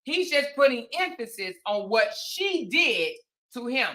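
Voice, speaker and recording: Bright, sassy woman commentator. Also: fairly high pitch, unhurried, poor audio. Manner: animated, sassy, emphatic. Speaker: commentary host. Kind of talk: reaction commentary.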